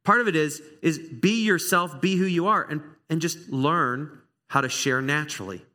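A man preaching a sermon to his church, conversational and animated, now and then acting out little exchanges between people. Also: on the high side, normal speed. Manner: animated, conversational, acts out small dialogues. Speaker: pastor. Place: church sanctuary.

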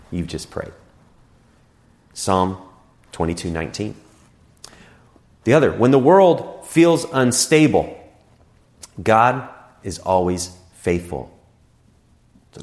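A man preaching a sermon in a church, earnest, swinging between rising emphasis and quiet, slow prayer lines. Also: low voice, expressive. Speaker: pastor.

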